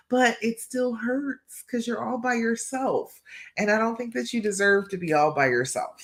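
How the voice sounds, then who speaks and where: A woman hosting a live coaching stream, talking in an encouraging, emphatic way and often checking in with "all right" and "okay". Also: mid-range voice. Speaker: relationship coach and live show host.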